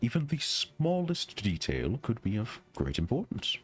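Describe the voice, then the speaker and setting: A man voicing a refined male detective who speaks in a measured, polite way. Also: medium pitch, huge pitch swings, husky, faint music behind, voice pushed up, heavily acted.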